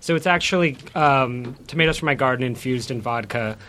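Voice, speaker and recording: A man explaining a cocktail he made, with hesitant pauses. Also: mid-range voice, sharp tone, slight background noise. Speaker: guest mixologist. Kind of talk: casual chat.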